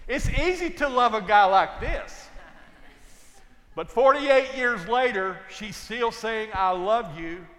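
An older man preaching a sermon, telling folksy stories and swinging from loud to hushed. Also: very high-pitched, lively intonation, takes it slowly, long reverb tail. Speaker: pastor.

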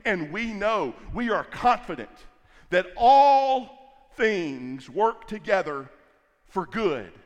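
A man's voice: sits high, big pitch swings. A middle-aged male pastor preaching a sermon, emphatic and repetitive, stretching key words for stress. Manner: emphatic, repeats phrases, drawn-out stresses. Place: large church hall. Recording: long hall reverb.

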